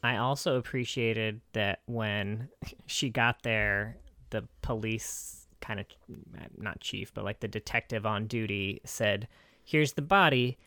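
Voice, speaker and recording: A man's voice: little pitch movement, takes it slowly, pushed and bright, no room sound. A man co-hosting a casual film review chat, joking and swearing, his voice jumping up when incredulous. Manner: joking, profane, pitch jumps up when incredulous. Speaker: podcast co-host.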